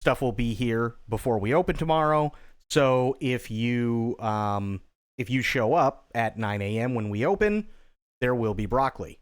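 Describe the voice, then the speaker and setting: A man voicing a patient grocery store clerk in a spoken joke, in a deliberate customer-service tone. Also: medium pitch, animated, smooth, dry recording, clean studio sound, voice pushed down, natural voice. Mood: polite.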